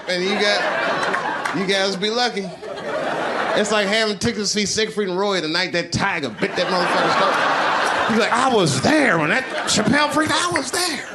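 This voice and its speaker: A man doing profane stand-up comedy on a live stage, animated and acting out the voices of people he quotes. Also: sits high. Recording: loud crowd laughter over noisy live sound.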